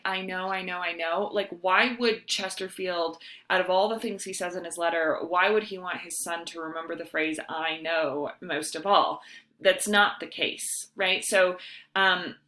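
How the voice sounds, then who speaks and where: A woman teacher talks through a writing lesson in a loose, chatty way, full of fillers. Her voice is bright and forceful but sits fairly low. The room around her has a noticeable echo. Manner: casual, chatty, with many fillers. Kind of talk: video lesson on essay writing. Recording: echoey room.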